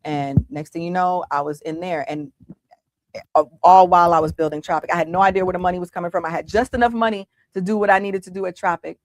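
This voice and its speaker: Woman, middle-aged, interview guest, dramatic storyteller, lowish voice, dry close sound. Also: fast talker, dry recording. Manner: animated, dramatic retelling with many restarts. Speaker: guest entrepreneur.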